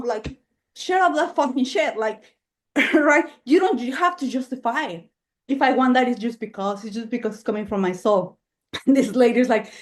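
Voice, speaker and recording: A woman's voice: fairly high pitch, normal speed. Fiery, swearing woman podcast host. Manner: heated, emphatic, swears freely. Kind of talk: casual interview chat.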